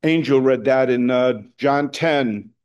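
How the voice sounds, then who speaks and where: A middle-aged man preaching a sermon, talking conversationally with fillers and restarts, building to loud emphatic points. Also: medium pitch, slow, clean tone, highs cut off. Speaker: pastor.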